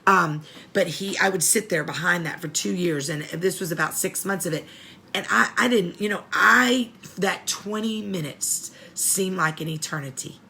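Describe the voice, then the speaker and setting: A woman's voice: on the low side, normal speed, gravelly, bright, forceful tone, slight background noise. A middle-aged woman hosting a support show for families of prisoners, talking earnestly and getting choked up as she repeats her points. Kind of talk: heartfelt advice talk.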